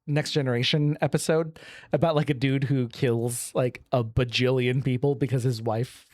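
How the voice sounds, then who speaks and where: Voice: mid-range voice, steady tone, moderate pace, a little mellow, no room sound. Podcast co-host, casual chatter, rambles and laughs easily, dry close sound. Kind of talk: casual pop-culture chat.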